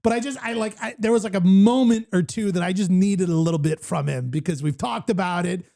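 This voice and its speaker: A man hosting a casual chat show, telling stories excitedly with many fillers and restarts. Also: high-pitched, brisk, vocal fry. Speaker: podcast host.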